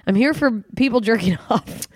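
A woman's voice: a little high, animated, moderate pace, darkish tone, slightly rough, no echo, clean studio sound. A woman co-hosting a podcast, blunt, crude and sardonic in casual chat. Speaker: podcast co-host.

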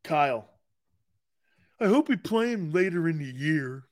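A man's voice: fairly high pitch, measured pace. A male sports talk show host bantering with live chat, teasing and sarcastic, laughing often and repeating himself. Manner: animated, repeats words and restarts.

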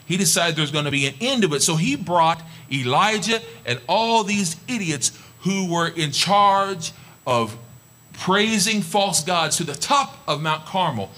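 A man's voice: medium pitch, pushed and bright. A man preaching a sermon, retelling a scripture story in an emphatic, conversational way.

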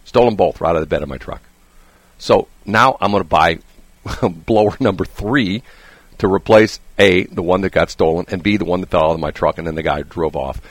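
A male radio host chatting casually in a studio, telling stories animatedly and laughing often, his voice a bit hoarse. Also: sits low, brisk, dry recording. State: slightly hoarse. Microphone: studio microphone.

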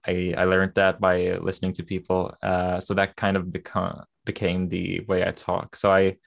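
Deep-voiced Swedish man, hesitant. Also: completely flat delivery, normal speed, creaky. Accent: Swedish-influenced American English. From Sweden. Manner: hesitant, many restarts and fillers. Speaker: podcast guest, digital artist. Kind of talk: casual podcast chat.

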